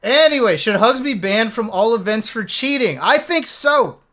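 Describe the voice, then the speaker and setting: A man's voice: very high voice, normal speed. A man in his thirties, a streamer, telling a story casually on a live stream with lots of swearing and laughter. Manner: animated, profane, laughing storyteller.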